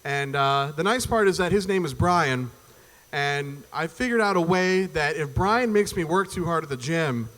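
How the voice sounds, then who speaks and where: A man working an open mic stand-up set in a performance venue, his voice bright and a little high. He rambles loosely, swears freely and slips into quick acted-out voices. A long hall reverb trails every line from the stage mic. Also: expressive. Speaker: stand-up comedian. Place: performance venue stage before a live audience.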